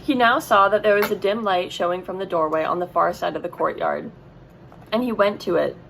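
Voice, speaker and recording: A woman's voice: on the low side, brisk, vocal fry, a bit bright, a little hiss or hum, rough recording. A woman reading a children's book aloud, with casual asides and self-corrections. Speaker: reader.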